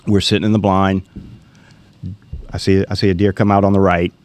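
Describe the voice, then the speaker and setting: A man's voice: low voice, brisk, clean tone. A middle-aged man, casually telling a hunting story and acting out the dialogue. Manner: animated storyteller, acts out quoted dialogue.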